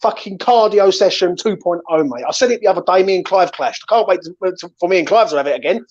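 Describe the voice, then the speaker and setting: A man's voice: high voice, fast talker, darkish tone. A man hosting a fan channel, ranting and swearing in an angry chat after a match. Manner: ranting, swearing, keeps saying "right?" and "mate". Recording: slightly dull lo-fi sound.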